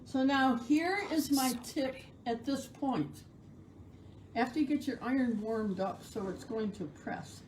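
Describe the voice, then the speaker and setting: A woman's voice: a little high, a little hiss or hum, poor audio. A middle-aged woman teaching sewing in a shop, chatty, playful and encouraging. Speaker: sewing instructor. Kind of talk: live sewing demonstration.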